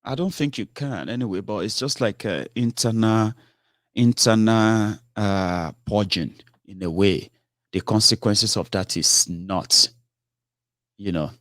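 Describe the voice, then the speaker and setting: A man's voice: fairly low pitch, unhurried, fairly bright tone, no echo. Exasperated man in dry sound. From Nigeria. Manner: rising to exasperated outbursts, repeats himself, restarts. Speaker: political commentator. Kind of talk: impassioned spoken commentary.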